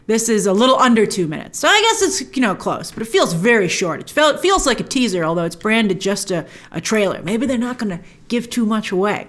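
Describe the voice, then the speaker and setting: A woman's voice: medium pitch, sing-song, fairly quick, hardly any pauses, a bit bright. A woman hosting a trailer breakdown, chatting enthusiastically with lots of restarts. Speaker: host.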